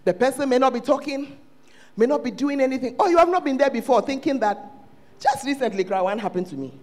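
A man with a Ghanaian English accent, preaching a sermon as pastor at a church service, swinging between shouted lines and hushed asides. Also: very high-pitched, fast talker.

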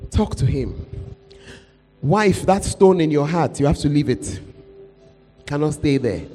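A man's voice: on the high side, animated, unhurried, mellow, soft background music. A man preaching a sermon as pastor, pleading and urging the congregation to repeat phrases to their neighbors. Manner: pleading, call-and-response with congregation. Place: church hall. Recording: echoey hall with mains hum.

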